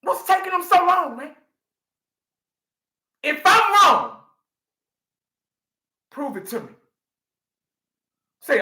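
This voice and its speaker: Brief: fan vlogger, man, 40s, profane and repetitive, forceful bright voice. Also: very high-pitched, sing-song, slow, long pauses, reverberant. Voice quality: profane, emphatic, repeats himself. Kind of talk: ranting live reaction.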